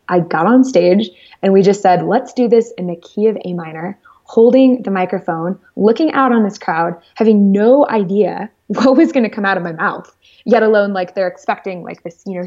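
A woman's voice: mid-range voice, normal speed. Woman rambling through a story, lots of "like"s, kinda muffled audio. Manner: animated, rambling, lots of "like" fillers. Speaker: guest entrepreneur. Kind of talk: casual storytelling interview.

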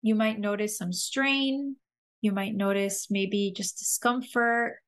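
Woman gently guiding a breathing exercise. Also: medium pitch, steady tone. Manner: gentle, slow guiding instructions with soft laughs. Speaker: podcast host leading a somatic exercise. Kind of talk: guided breathing and humming exercise.

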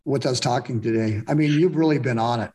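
A man speaking reflectively in a candid, casual conversation, often pausing and restarting. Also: medium pitch, mellow.

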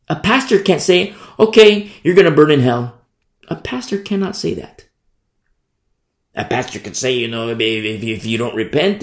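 A man's voice: medium pitch, echoey room. A man preaching a sermon as a pastor, emphatic and conversational, driving points home through repetition.

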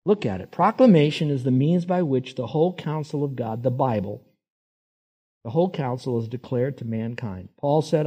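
A man's voice: medium pitch, normal speed, mellow, breathy edge. A man preaching a sermon, folksy and emphatic, posing rhetorical questions to his listeners. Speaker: pastor.

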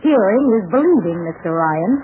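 An actress playing a sharp-tongued, cantankerous young woman in a 1940s radio drama. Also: lowish voice, big pitch swings, fairly quick. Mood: snappish. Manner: snappish, scornful. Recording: tinny scratchy 1940s radio broadcast.

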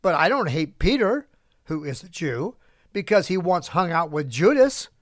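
A man's voice: a little high, big pitch swings, moderate pace, no echo. Man with a dry close sound, giving commentary. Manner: reads prepared remarks with asides and chuckles. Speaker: podcast host. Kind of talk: opinion commentary monologue.

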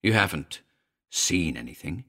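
A man voicing an eager gentleman house buyer who presses quietly and intensely for a ghost story. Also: low-pitched, sing-song, measured pace, creaky, exaggerated voice. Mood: pressing.

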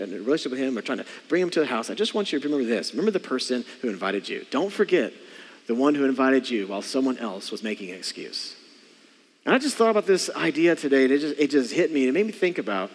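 A man's voice: medium pitch, long reverb tail. A man preaching a sermon as pastor, emphatic and leading the congregation in call-and-response. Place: church sanctuary.

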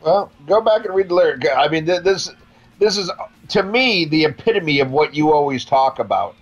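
A man co-hosting a casual talk show, calmly pushing back and defending his view. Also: a little high, moderate pace, muffled recording. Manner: laid-back, pushes back with a defending argument. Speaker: podcast co-host. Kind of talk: casual chat.

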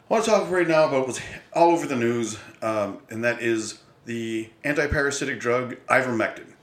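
A man's voice: mid-range voice, fairly bright tone. Blunt, exasperated man in an echoey room. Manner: blunt, exasperated, swears casually. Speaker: podcast host. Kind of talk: opinionated solo commentary.

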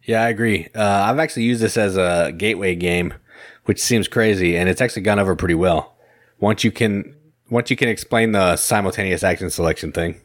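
A man with a fairly low voice chats easily as co-host, agreeable and unhurried. The sound is dry and close. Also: no room sound. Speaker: podcast co-host. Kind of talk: casual chat.

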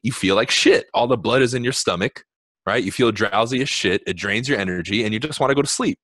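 A man co-hosting a podcast, talking in a relaxed, slangy and preachy way. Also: mid-range voice, husky, no echo, clean studio sound. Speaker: podcast co-host. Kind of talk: casual chat.

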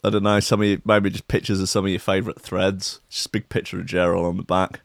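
A man hosts loose solo commentary, playful and full of swearing. His voice sits low. The sound is dry and close, with no room around it. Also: little pitch movement, fast, gravelly, dry recording. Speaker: host.

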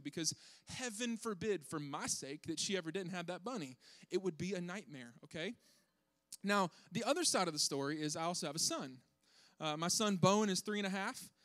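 A young man telling a funny family story to an audience, animated and self-deprecating, acting out his kids' voices. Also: high voice, dry recording.

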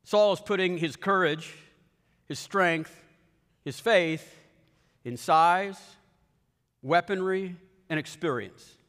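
Animated pastor preaching in a big hall. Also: male voice, slow, long pauses. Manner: storytelling, acting out characters' lines with shifting pitch and pace. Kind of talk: sermon. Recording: long reverb of a large hall.

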